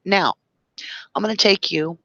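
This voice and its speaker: A woman's voice: mid-range voice, unhurried, vocal fry, pushed and bright, no echo, poor audio. A woman hosting a live stream, speaking with passion and emotion, reading viewer comments and explaining through long analogies. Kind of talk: impassioned live-stream talk.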